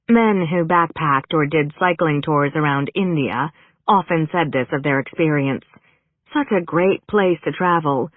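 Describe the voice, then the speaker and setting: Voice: medium pitch, unhurried. An audiobook narrator reads scripted prose with wry, dry humor. The recording is thin and phone-like, with dry, close sound and no room echo. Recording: narrow phone-like band, dry.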